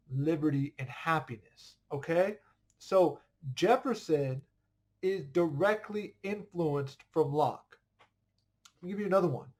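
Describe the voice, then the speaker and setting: Chatty male history teacher. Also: sits high. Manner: conversational, checks understanding often. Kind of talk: casual online lesson.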